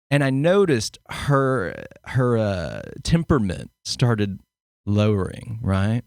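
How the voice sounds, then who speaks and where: A man's voice: fairly low pitch, takes it slowly, gravelly, clear, resonant tone, dry recording, clean studio sound. A man hosting a podcast, chatting casually and telling rambling stories. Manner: rambling, animated storyteller. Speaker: podcast host. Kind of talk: casual conversational interview.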